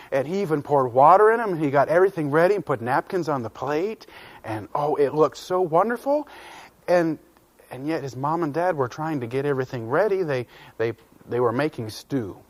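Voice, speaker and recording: A man telling a children's story in an animated, folksy way, with asides to the listeners. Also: a little high.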